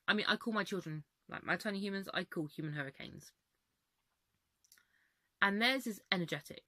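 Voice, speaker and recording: A woman's voice: on the low side, fairly bright tone, no echo. A young woman vlogging from home in a casual, rambling, candid way, laughing often, with her voice a little worn. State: voice going. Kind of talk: casual chat to camera.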